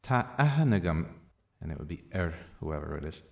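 A man teaching a language lesson, reading out practice sentences and their translations slowly and deliberately, with softer asides. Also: sing-song, vocal fry. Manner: slow and deliberate, with soft low asides.

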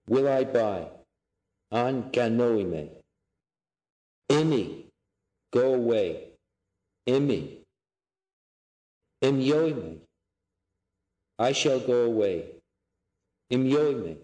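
A man teaching a language lesson, saying each phrase slowly and clearly and repeating it for learners to copy. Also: mid-range voice, mellow, echoey room.

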